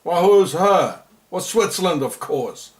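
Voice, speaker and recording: A man's voice: sits high, lively intonation, measured pace. A man from South Africa narrating over on-screen footage in rambling commentary, sarcastic and often repeating and restarting his words. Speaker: video narrator.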